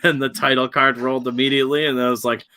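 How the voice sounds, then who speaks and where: Young dude cohosting a podcast, swears a lot, laughs easy, bright voice. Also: male voice, medium pitch, little pitch movement, fast talker, no room sound. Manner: crude, laughing, joking. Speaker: podcast co-host. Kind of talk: casual chat.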